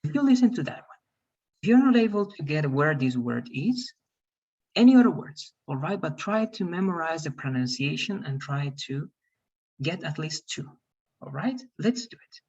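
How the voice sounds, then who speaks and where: Husky man teaching an online class. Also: fairly high pitch, big pitch swings, normal speed, a little mellow. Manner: coaxing, repeats "all right" and "right". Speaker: English teacher. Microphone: video call. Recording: dull, lo-fi video call audio.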